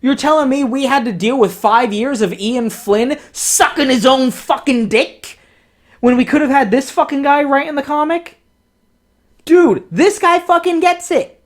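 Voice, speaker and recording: A foul-mouthed man delivers a sarcastic comic commentary with deliberate slowness. His voice lurches between excited peaks and mocking, lowered asides. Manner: sarcastic, profanity-laden ranting; swings between excited highs and mocking lows. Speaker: comic book reviewer. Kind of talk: profane commentary reading comic panels.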